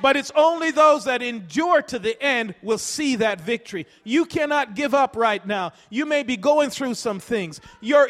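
Man, preacher, very high voice, rousing repetitive delivery, long hall reverb. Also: a bit bright. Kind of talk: sermon.

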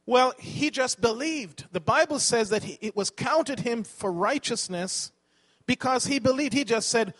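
A man's voice: extremely high pitch, lively intonation, measured pace, a bit bright. A man preaching a sermon, asking the congregation questions and correcting himself as he teaches.

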